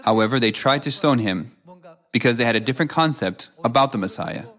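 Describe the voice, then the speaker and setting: A man's voice: medium pitch, fairly quick, fairly bright tone. Man reading a solemn scripted sermon. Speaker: preacher.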